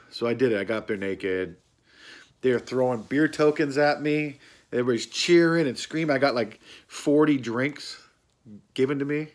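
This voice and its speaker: A man casually telling a rambling personal anecdote, laughing often and swearing freely. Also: mid-range voice. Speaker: storyteller.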